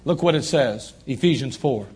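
Male pastor, sermon in a church, raspy tone, pressing points by repetition. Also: medium pitch, animated, moderate pace, darkish tone. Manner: emphatic preaching with repeated phrases. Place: church sanctuary.

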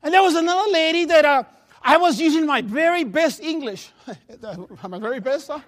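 High-voiced Spanish-accented man preaching. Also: expressive, moderate pace. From Latin America. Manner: repeats words and restarts, laughs at himself, storytelling. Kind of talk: sermon. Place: church sanctuary.

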